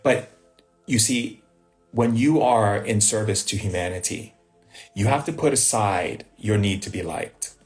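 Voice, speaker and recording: A man's voice: fairly low pitch, unhurried, a little mellow. A man giving a live spiritual talk, telling personal stories with rhetorical questions and a frequent "right?". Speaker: spiritual teacher. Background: faint music.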